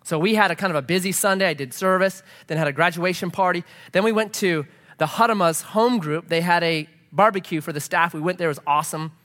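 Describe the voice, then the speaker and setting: A middle-aged pastor preaches a sermon in a big-room sound, talking fast in a high-pitched voice. He tells a story animatedly, acting out the voices of the people in it.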